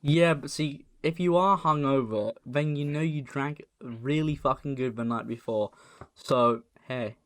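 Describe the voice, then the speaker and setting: A man's voice: medium pitch, measured pace, no room sound. A man co-hosting a podcast in casual chat, teasing and self-deprecating, often restarting his words. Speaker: podcast co-host.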